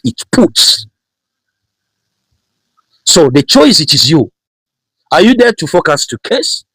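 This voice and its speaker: A man's voice: mid-range voice, fairly bright tone, husky, dry recording, rough recording. A man preaching a sermon, emphatic and repetitive, driving his points home with rhetorical questions.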